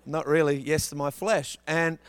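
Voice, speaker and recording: A man delivers a sermon with a smooth, resonant voice that sits a little high for a man. He preaches as a guest speaker and tells funny childhood stories in a chatty way. The sound is dry and close. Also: steady tone, moderate pace, no echo. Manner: humorous anecdotal storytelling.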